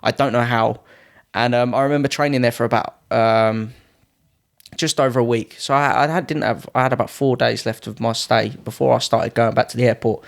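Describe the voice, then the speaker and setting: This podcast guest is a Muay Thai fighter from the United Kingdom in his twenties, talking a little fast in a medium-pitched voice with vocal fry. He tells casual, lively stories, raising his voice to play the other people in them.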